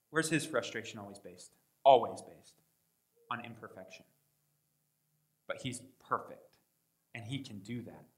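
High-voiced man preaching a sermon. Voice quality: tall speaker, says he is six five. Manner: conversational preaching, swings from quiet to loud. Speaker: pastor. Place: church sanctuary.

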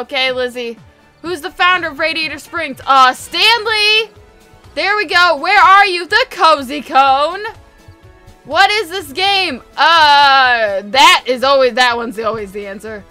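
A young woman chats through a video game in a very high, bright voice. She gets excited easily and reads the on-screen text aloud as she goes. Faint game music plays underneath. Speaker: gaming video host. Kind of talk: casual game commentary.

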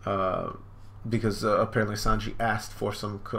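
A man's voice: fairly low pitch, little pitch movement, normal speed, fairly bright tone, slight background noise. A man streaming a live manga reaction from home, casually describing panels with lots of fillers. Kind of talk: live reaction, reading aloud.

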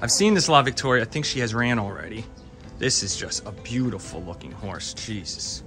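A man hosting a casual walk-and-talk vlog at a racetrack barn, excited and chatty, sometimes stumbling over his words, recorded outdoors on a handheld camera. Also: mid-range voice, normal speed, music in the background. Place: outdoors at a horse barn shed row.

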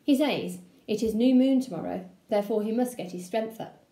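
Expressive woman teacher reading aloud. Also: fairly high pitch, normal speed, roomy sound. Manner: expressive read-aloud with childlike letter voice. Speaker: primary school teacher. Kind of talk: reading a children's book aloud.

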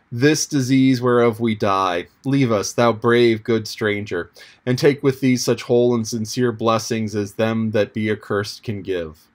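A man's voice: lowish voice, close to an everyday voice. A man voicing a frail, dying peasant woman in an audiobook, pleading in old-fashioned speech.

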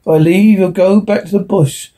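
Gruff frontier farmer guy, bossy and blunt, mellow husky voice, a reader putting him on. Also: high voice, fairly even intonation, normal speed, voice pushed up. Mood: scornful. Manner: stern, commanding. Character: hard-driving male frontier planter, blunt.

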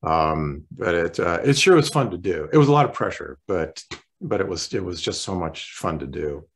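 A male voice actor chatting as an interview guest, relaxed and rambling, often clearing his throat. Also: low voice, moderate pace. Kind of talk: casual interview chat.

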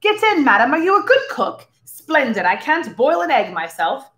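A woman voicing a rich, bored, easygoing gentleman with breezy upper-class politeness in a storybook reading. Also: sits high, very animated, moderate pace, pitched above the performer's own voice. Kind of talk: read-aloud storytelling.

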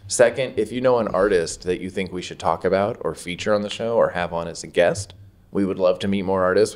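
A man's voice: sits low, a little mellow. A man from San Diego co-hosting a podcast in a studio, telling self-deprecating stories with a laugh. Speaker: podcast co-host. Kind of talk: casual podcast storytelling. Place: recording studio.

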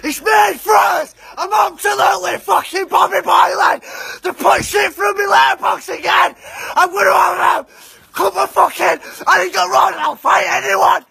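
A man voicing a hot-headed young lad from the north of England with a squeaky, gravelly voice, swearing and ranting threats in a comedy sketch. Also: brisk, sharp tone, some chatter behind, full character voice. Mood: fuming.

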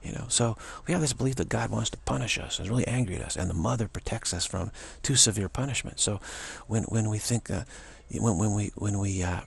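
A man speaking in a rambling monologue with a gravelly, raspy voice, stumbling through restarts and acting out quoted voices. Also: lowish voice, a little fast. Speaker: spiritual speaker.

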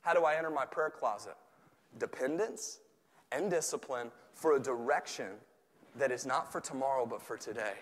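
A man, a youth pastor preaching a sermon, switching between shouted passages and quiet, chatty talk. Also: fairly high pitch, very animated, moderate pace. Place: church. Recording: echoey church hall.

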